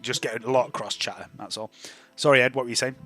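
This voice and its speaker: A man running a tabletop game as game master, narrating in a relaxed, chatty way over a video call. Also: mid-range voice, fast, soft background music.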